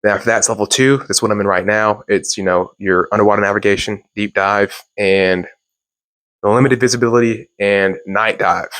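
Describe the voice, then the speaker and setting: A man's voice: fairly low pitch, fairly even intonation, normal speed, a bit bright, no room sound. A young man from Louisiana hosting a self-improvement talk, telling a personal story in a rambling, casual way with restarts and laughs.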